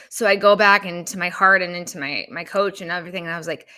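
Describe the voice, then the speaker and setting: A woman's voice: on the low side, quick pace, few pauses, pushed and bright. A woman coach telling a personal story on a live stream, emotional and exasperated, with many rhetorical questions. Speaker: business legal coach and speaker.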